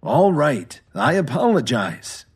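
A man's voice: fairly high pitch, very animated, slow, husky, voice pushed up, exaggerated voice. A man voicing an arrogant male champion fighter who snarls and begs. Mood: begging. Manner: snarling, then begging.

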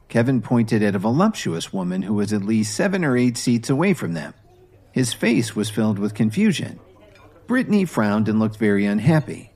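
A man giving a scripted storybook narration in an expressive, measured way. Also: mid-range voice.

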